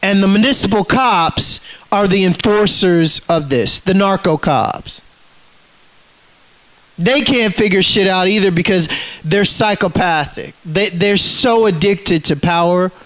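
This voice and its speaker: A man with a notably high voice rants straight to camera. He is agitated and swears freely, tripping over and repeating his words as he pushes his point. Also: a little slow, a bit bright. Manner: profane, agitated, repeats himself. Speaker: vlogger. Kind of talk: ranting monologue to camera.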